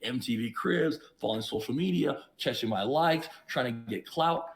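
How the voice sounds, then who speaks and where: A man who is a podcast guest, telling his own story in an emphatic, preachy way, with sudden jumps in pitch and loudness. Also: normal speed, gravelly. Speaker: podcast guest, investor and entrepreneur. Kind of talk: reflective storytelling.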